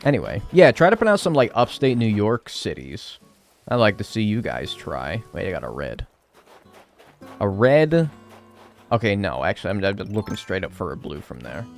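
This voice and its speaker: A man's voice: on the low side, very animated, moderate pace, creaky, soft background music. A young man live-streaming a game, chatting casually and sarcastically with chat and swearing now and then.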